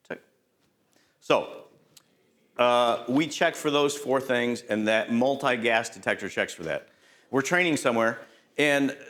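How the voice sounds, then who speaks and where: Middle-aged man teaching a safety class. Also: medium pitch. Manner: quizzes the audience, ends points with "right?"; storytelling with lively anecdotes. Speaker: safety trainer. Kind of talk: conversational safety lecture.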